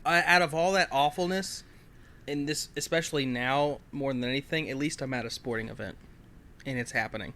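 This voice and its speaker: Bright joking podcast co-host man. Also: medium pitch, brisk, slight background noise. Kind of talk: casual podcast banter.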